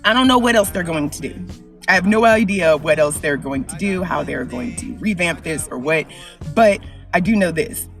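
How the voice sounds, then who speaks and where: A woman vlogger giving an emphatic opinion rant, repeating lines for effect and swinging between loud and low. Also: animated, normal speed, recorded from a distance, faint music behind.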